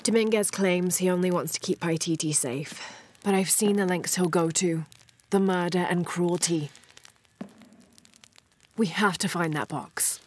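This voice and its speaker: A woman's voice: fairly low pitch, unhurried, long pauses, a little hiss or hum, close to an everyday voice. An actress voicing a young adventurous woman archaeologist in a video game, speaking in an earnest, reflective way. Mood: determined.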